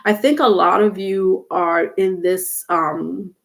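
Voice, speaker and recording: A woman giving a casual livestream tarot reading, rambling and halting, with many fillers and restarted words. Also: lowish voice, steady tone, vocal fry, fairly bright tone. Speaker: tarot reader.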